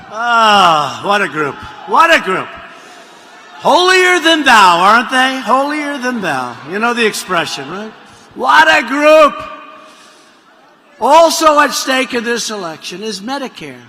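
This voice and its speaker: Guy shouting a rally speech, sharp bright voice, mocking and rambling, big echoey hall. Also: high voice, slight background noise. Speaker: politician addressing a rally. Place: large rally venue. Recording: long arena reverb, faint crowd ambience.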